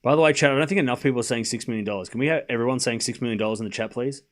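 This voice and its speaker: A man's voice: medium pitch, rapid-fire. Rambling man calling tennis for chat. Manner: rambling, rhetorical questions, sarcastic asides to chat. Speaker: stream host and tennis commentator. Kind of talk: casual livestream commentary.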